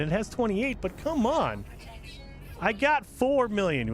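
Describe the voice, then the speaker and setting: A man with a fairly high voice gives casual gameplay commentary, his pitch leaping up and down as he rants in exasperation. Faint game music plays softly behind him. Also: moderate pace. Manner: animated, exasperated ranting. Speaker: gaming channel host.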